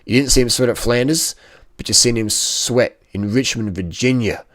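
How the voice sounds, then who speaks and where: Excitable slangy man commenting, dry sound. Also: medium pitch, moderate pace, no echo. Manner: excitable and slangy, full of exclamations. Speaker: cycling vlogger. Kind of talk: casual commentary over race footage.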